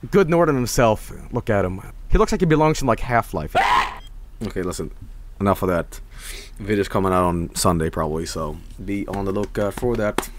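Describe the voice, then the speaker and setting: A man's voice: lowish voice, animated, brisk, background noise. A young man streaming, chatting casually and reading viewer messages, rambling and swearing, often breaking into laughs.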